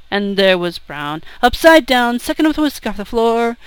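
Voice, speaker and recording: A woman's voice: medium pitch, normal speed, hardly any pauses, clear, resonant tone, no echo, low-quality recording. A woman singing a comic folk drinking song with a rowdy storytelling delivery, speaking out the lines of the characters.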